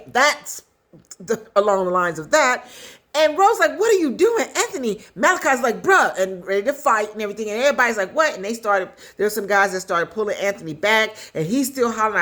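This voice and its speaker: A woman casually recapping a story in a chatty, animated way, with quick asides. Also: on the low side. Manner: chatty, animated retelling with acted quotes. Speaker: commentator recapping a skit.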